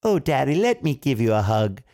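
A man's voice: mid-range voice, big pitch swings, moderate pace, mellow. Man doing a sweet, worried little princess. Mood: concerned. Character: sweet young princess, caring daughter.

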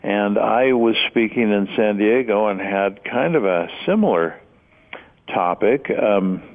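Deep, gravelly male radio co-host, casual and teasing, heard over thin phone-band audio. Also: slow pace, narrow, tinny audio. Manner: chatty, wry teasing.

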